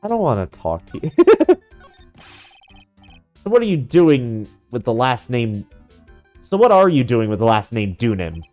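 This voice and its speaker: Brief: man voicing a dry, exasperated lawyer, animated pitch. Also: unhurried, pauses often, no room sound, faint music behind. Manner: dry and sarcastic. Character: wry, easily exasperated young male lawyer. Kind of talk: fan dub of a game.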